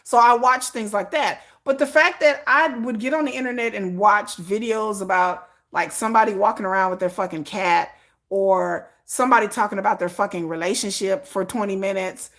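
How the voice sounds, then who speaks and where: A woman's voice: medium pitch, moderate pace, a bit bright. Sarcastic, exasperated woman ranting. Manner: sarcastic, exasperated, swears freely; mocks others in exaggerated quoted voices. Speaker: K-pop news commentator. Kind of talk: ranting commentary vlog.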